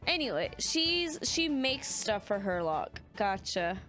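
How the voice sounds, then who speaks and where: A woman's voice: mid-range voice, big pitch swings, takes it slowly, fairly bright tone, soft background music. A young woman streamer chatting casually and sleepily while playing a game and reading its lines aloud. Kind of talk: casual let's-play chat.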